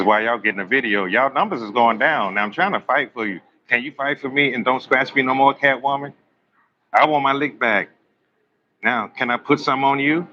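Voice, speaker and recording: A man hosting a live astrology stream, chatting casually with viewers in a joking, teasing, rambling way. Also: mid-range voice. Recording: slightly dull lo-fi stream audio with faint room noise.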